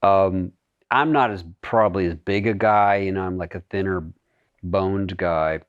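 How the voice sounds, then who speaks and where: A man with a fairly low voice, chatting as a guest in a podcast interview. He talks in an animated way and breaks into laughs often. The sound is dry and close, with no room echo. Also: a little slow, clear, resonant tone, muffled recording. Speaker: actor, guest.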